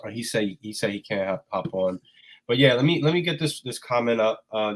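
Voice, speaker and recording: Rambling low-voiced man hosting a stream. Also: moderate pace. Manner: loose, rambling, laughs often. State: sneezing. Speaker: host. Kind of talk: casual livestream talk.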